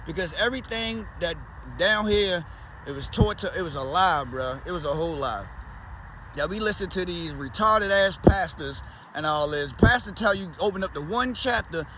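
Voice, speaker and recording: A man's voice: sits high, lively intonation, normal speed, heavy background noise. A man with a Baltimore accent, talking in a loose, slangy, rambling way as a vlogger. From Baltimore, USA. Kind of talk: casual rambling chat.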